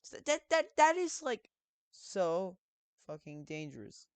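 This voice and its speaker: A man's voice: high-pitched, slow pace, no echo. Casting: rowdy young-sounding male streamer, brash and profane, dry close mic. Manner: loud, profane, excitable commentary. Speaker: streamer reacting to a video. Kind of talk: casual live-stream reaction.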